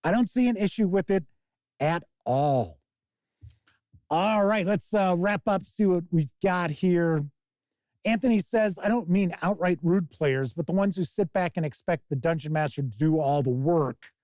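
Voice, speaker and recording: A man's voice: high-pitched, a little slow, no room sound, studio quality. A man hosting a live tabletop-gaming stream, talking casually in a rambling way, with bursts of swearing. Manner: rambling, profane, animated mock quotes. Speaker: host.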